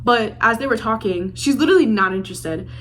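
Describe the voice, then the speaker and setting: A woman's voice: a little high, expressive, brisk, a bit bright, slight background noise. Gushing, chatty young woman vlogger. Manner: gushing, chatty, full of "like" and "literally". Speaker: book vlogger. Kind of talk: casual reading vlog chat.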